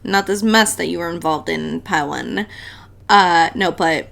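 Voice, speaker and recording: A woman's voice: on the low side, unhurried, creaky, fairly bright tone. Woman doing a tarot pick-a-card reading, chatty, blunt, swears a lot, laughs easy. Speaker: tarot reader. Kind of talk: casual tarot reading to viewers.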